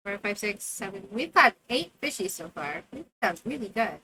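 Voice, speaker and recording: A woman's voice: mid-range voice, big pitch swings, normal speed, sharp tone, a little hiss or hum. A woman streamer giving casual gameplay commentary, playfully talking to the game characters and to herself.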